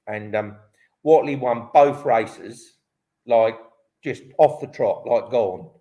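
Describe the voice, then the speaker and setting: Gravelly bloke in his 50s, ex motocross racer, rambly storytelling w lots of restarts. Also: medium pitch, takes it slowly, lo-fi sound. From Britain. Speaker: guest, former motocross champion. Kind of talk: casual storytelling in a live online interview.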